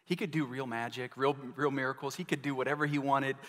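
A man's voice: medium pitch, fairly even intonation, fast, fairly bright tone. A male pastor delivering a sermon in an earnest manner, asking his listeners many rhetorical questions. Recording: long reverb of a large hall.

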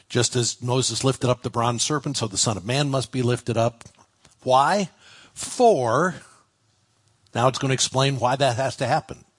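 Middle-aged male pastor, husky, mid-pitched, chatty sermon delivery with slow word-by-word emphasis. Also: a bit bright. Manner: conversational, stresses single words with slow pauses. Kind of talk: expository sermon.

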